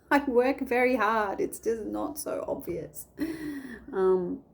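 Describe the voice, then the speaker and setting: A woman's voice: medium pitch, slow pace, gravelly. A woman chatting casually at home about a Bible story, rambling and restarting her sentences often. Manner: rambling, self-interrupting, many restarts. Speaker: faith vlogger.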